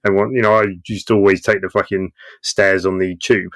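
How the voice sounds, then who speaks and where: Brief: low-voiced male ex-soldier guest, blunt and sweary, dry close sound. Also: level tone, fairly quick, fairly bright tone, dry recording. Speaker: guest, combat veteran and podcast host. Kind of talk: casual chat.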